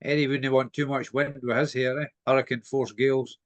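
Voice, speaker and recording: A man joining a casual chat as a guest, chuckling often and adding quick jokes. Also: medium pitch, level tone, dry recording, muffled recording. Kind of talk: casual banter.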